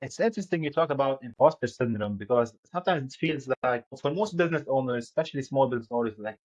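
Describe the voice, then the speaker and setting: A man's voice: medium pitch, a little mellow, muffled recording. A male podcast host asking interview questions, hesitant, with fillers and restarts as he frames each question.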